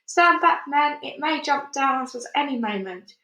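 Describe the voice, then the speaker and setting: A woman reading a storybook aloud, voicing a loud, panicky male police chief who shouts his lines, in an echoey room. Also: a little high, normal speed. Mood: blustering. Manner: shouted, excitable.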